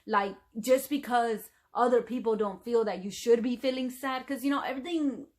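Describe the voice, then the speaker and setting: A middle-aged woman vlogging straight to camera in a loose, rambling way, full of fillers like "you know". Her voice sits a little high for a woman. She wanders from thought to thought in casual chat. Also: normal speed. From United States. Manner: chatty, rambling, frequent fillers.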